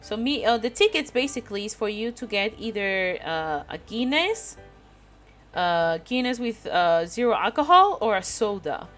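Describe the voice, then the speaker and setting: A woman's voice: mid-range voice, fairly bright tone. A woman from Spain with a Spanish accent, casually telling a rambling story on stream and often breaking into giggles. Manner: rambling, giggly, frequent laughter.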